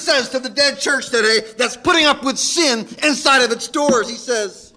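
A man preaching a sermon as pastor, moving between loud shouted calls and quiet asides. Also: extremely high pitch, moderate pace, few pauses.

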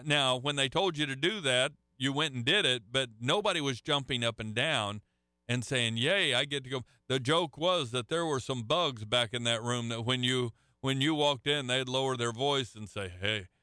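A man's voice: mid-range voice, sharp tone, smooth, no room sound, clean studio sound. A middle-aged man preaching a sermon to a live congregation, telling folksy stories and often restarting his sentences. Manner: folksy storytelling with frequent restarts. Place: church hall with a live audience.

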